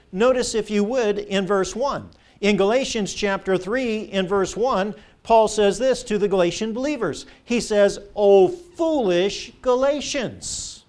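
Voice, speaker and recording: A male pastor preaching a sermon, quizzing the congregation with call-and-response questions and often adding "if you would please.". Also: sits high.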